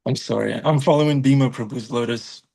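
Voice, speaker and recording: An easygoing man hosts a class discussion, joking lightly with participants. His voice sits at an ordinary pitch. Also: a little fast, creaky, darkish tone. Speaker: class leader.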